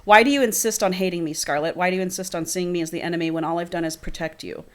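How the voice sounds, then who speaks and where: A woman voicing an obsessive masked man as she reads a romance novel's dialogue aloud in a quiet, intense way. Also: fairly low pitch, very fast, lightly acted. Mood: brooding. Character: obsessive masked male stalker, brooding.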